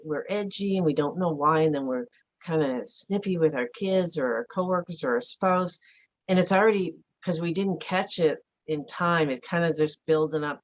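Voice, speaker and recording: A middle-aged woman speaking earnestly and reflectively as an interview guest, with frequent "like" fillers. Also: low voice. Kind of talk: candid conversational interview. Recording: dull lo-fi audio.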